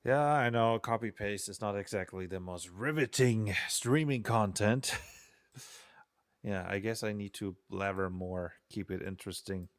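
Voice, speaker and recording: A man's voice: lowish voice, dry recording, clean studio sound. A young man streaming while he programs, chatting casually and rambling in a self-deprecating way with frequent chuckles. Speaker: game designer streaming programming.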